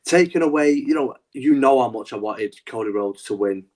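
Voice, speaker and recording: A man's voice: medium pitch, lively intonation, normal speed, a little mellow. A man co-hosting a wrestling podcast, talking animatedly in a rambling, casual way with lots of restarts. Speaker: podcast co-host.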